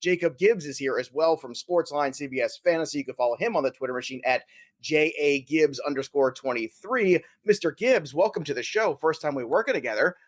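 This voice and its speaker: An energetic, jokey American man hosting a casual fantasy sports podcast. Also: fairly high pitch, brisk. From United States. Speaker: podcast host.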